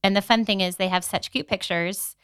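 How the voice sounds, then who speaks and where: A young woman co-hosts a casual podcast chat and tells stories with animated flair, acting out her own reactions. Her voice is bright and crisp. The recording is dry and close. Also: medium pitch, brisk, no room sound. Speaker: podcast co-host.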